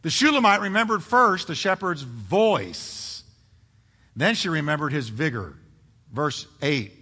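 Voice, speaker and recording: Preacher, male, fairly high forceful voice; dramatic sermon delivery with rising peaks, long church reverb. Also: sing-song, measured pace, breathy edge. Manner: dramatic, builds to loud emphatic peaks, asks the congregation questions.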